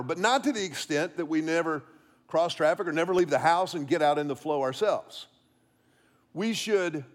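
A middle-aged man preaching a sermon to a congregation in an earnest way, often repeating words as he stresses a point. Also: high voice. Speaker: pastor. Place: church hall with an audience.

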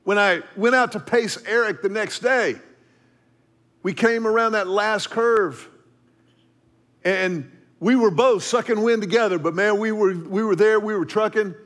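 A middle-aged man with a high-pitched voice tells a personal story as part of a devotional talk. He paints the scene vividly and drops to a near hush for his asides. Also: a little slow. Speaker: speaker.

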